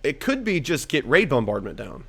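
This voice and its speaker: A man's voice: medium pitch, wildly swooping pitch, normal speed, gravelly, husky. A young man giving casual, profane gameplay commentary as he plays a card game, rambling and thinking aloud. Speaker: gaming YouTuber.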